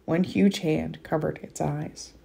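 A woman reads a children's novel aloud, expressive and measured. Her voice is low with a gravelly, husky grain. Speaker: author reading her book.

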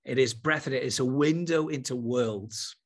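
A man teaching with enthusiasm, then slowing to a soft, unhurried pace to lead a guided meditation. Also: medium pitch. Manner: enthusiastic, then slow and soft when guiding. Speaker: spiritual teacher.

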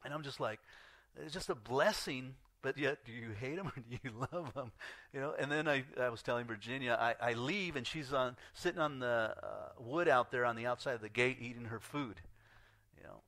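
A pastor delivering a sermon at a middle pitch, drifting into an anecdote and acting out both sides of the conversation with bursts of laughter. His voice sits close to the microphone with almost no room sound. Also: normal speed, pushed and bright, no echo. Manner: storytelling, acts out dialogue, laughs often.

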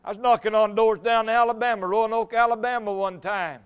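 A high, ringing male voice drives a revival sermon with fervor. He climbs into shouts at his peaks and falls back into a steady storytelling voice. His tone stays smooth and resonant throughout. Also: brisk. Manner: impassioned, rising to shouts, quotes old scripture. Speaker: evangelist.

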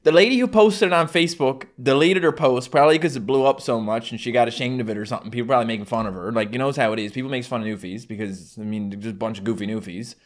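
Rattling along at a rapid clip with barely a pause, this medium-pitched man is a YouTuber from Newfoundland, Canada, fielding fan questions. His Newfoundland-accented chat is casual and meandering, self-mocking, and packed with fillers and restarts.

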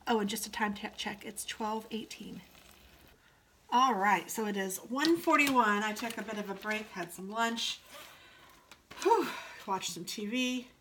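A woman talking to her viewers while she cooks in her home kitchen, chatty and relaxed. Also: mid-range voice, a little slow, rough recording. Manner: chatty, talks to viewers while cooking, hums. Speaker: cooking vlogger. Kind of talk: casual cooking vlog narration. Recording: loud kitchen noise behind.

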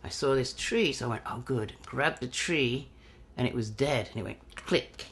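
Gravelly-voiced English man telling a story. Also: mid-range voice, normal speed, a little hiss or hum. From England. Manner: animated, acts out quoted voices. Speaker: interviewee. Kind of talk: anecdotal storytelling.

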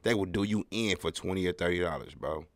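A man with a somewhat low voice holds forth alone on his podcast in loose, slangy talk. He rambles and drives his points home with wry emphasis. The sound is dry and close, with no room around it. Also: fairly quick, no echo. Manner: slangy, rambling, keeps tagging "bro". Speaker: podcast host. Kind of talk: casual solo podcast monologue.

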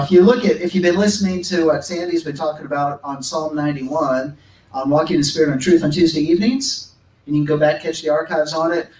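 A man preaching a sermon at a church service, reading scripture aloud and breaking in with emphatic asides. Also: on the high side. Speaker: pastor. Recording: echoey room, voice from a distance.

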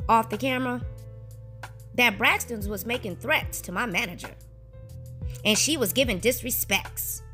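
A woman's voice: fairly high pitch, a bit bright. A woman narrating a gossip news recap, reading plainly from a script. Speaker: channel host, narrator. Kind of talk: read-aloud news recap.

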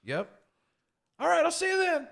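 A man putting on a loud, obnoxious, overly chummy phone voice as a caller. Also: wildly swooping pitch, moderate pace, creaky, exaggerated voice. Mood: brash cheer. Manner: brash, booming, overfriendly.

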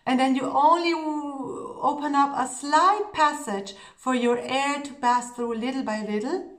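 A woman's voice: sits high, unhurried, a bit bright. Woman coaching singers in an echoey room. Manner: earnest, coaching, checks in with "okay?" and "yeah?". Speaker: singing teacher. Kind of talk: voice lesson.

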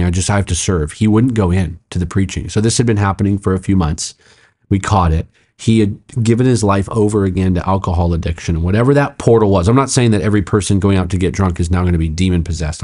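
A middle-aged man, a pastor, telling a story in a podcast conversation, narrating quickly and acting out the quoted speech with sudden jumps in pitch. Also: darkish tone. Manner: fast, emphatic narration with frequent "like" and "I'm like".

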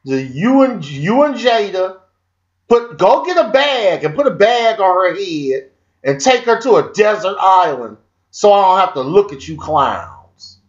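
A man's voice: high voice, very animated, measured pace, breathy edge, lo-fi sound. A man hosting a satirical news show, delivering a blunt, profane, repetitive comic rant.

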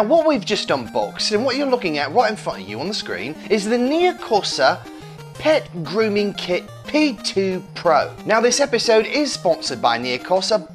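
A man hosts a casual home vlog about his dog, reviewing a product in a joking, playful way. His pitch leaps around with lively swings as he talks. Soft music plays faintly underneath. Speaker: dog channel host.

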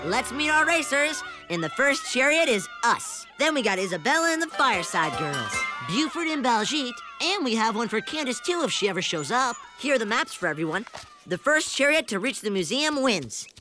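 Upbeat cartoon boy, eager and confident, high and lively, music behind. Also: moderate pace. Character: cheerful inventive young boy, upbeat leader.

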